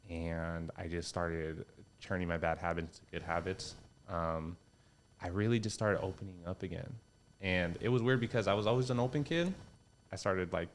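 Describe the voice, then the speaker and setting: A young man, a comedian guest on a podcast, talking casually and swearing often, lively when he quotes people. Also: sits low, a little hiss or hum. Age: young adult. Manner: relaxed, swears a lot, animated quoting voices.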